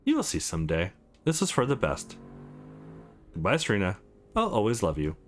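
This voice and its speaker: A man reads aloud as a worried male judge, urgent and pleading. His pitch jumps around a lot, with faint music beneath. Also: wildly swooping pitch, moderate pace.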